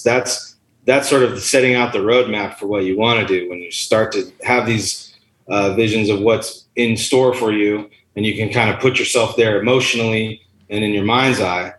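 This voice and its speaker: A man's voice: fairly low pitch, moderate pace, fairly bright tone, echoey room, low-quality recording. A man and musician talking casually and earnestly in a rambling, philosophical way. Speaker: musician guest. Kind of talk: casual chat.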